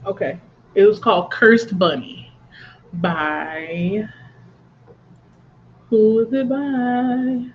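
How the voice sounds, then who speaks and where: A woman's voice: medium pitch, drawn-out words, pauses often, lo-fi sound, a little hiss or hum. A woman hosting a book channel livestream, chatting casually, reading viewer comments aloud and laughing often.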